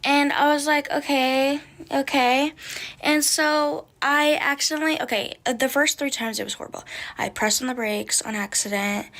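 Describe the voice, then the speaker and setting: Young woman, bright tense voice, rambling story, lots of swearing, pitch a bit high. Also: creaky. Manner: rambling, filler-heavy, swears a lot. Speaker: caller. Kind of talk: casual storytelling on a call-in.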